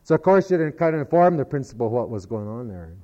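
A man at an ordinary pitch tells a long joke with folksy, rambling patience, stacking up "he said" asides as he goes. The recording is dull and lo-fi. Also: sing-song, quick pace, warm tone. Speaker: storyteller.

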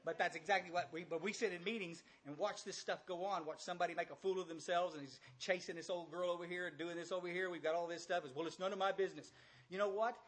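Older guy, husky voice a bit high, talking straight to a big room of folks, blunt and folksy. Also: steady tone, quick pace, few pauses, fairly bright tone. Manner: folksy, blunt, with frequent repetitions and direct questions to the audience. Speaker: recovery speaker. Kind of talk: recovery talk to a large audience. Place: large room with a few hundred listeners.

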